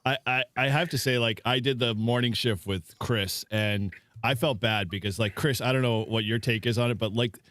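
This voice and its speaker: A man's voice: medium pitch, moderate pace, hardly any pauses, a bit bright, dry recording, studio quality. A man co-hosting a casual live stream chat, telling stories loosely with lots of fillers. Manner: rambling storytelling with many fillers and laughs.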